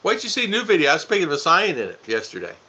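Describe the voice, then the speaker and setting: A man's voice: high voice, wildly swooping pitch, rapid-fire, bright, forceful tone. A man co-hosting a casual live stream, joking with his wife and greeting viewers by name. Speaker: vlog co-host. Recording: dull lo-fi sound.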